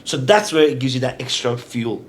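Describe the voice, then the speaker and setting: A man's voice: mid-range voice, expressive, a little fast, a little hiss or hum. Emphatic man, podcast host. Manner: emphatic, keeps repeating agreement, swears casually. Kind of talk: casual interview chat.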